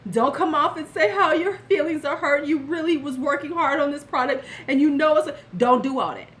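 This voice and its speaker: High-pitched and a bit bright, an older woman speaks fairly quickly in a casual beauty commentary vlog. She's blunt and sassy with her advice, aiming it right at the viewer, and occasionally picks up questions from chat.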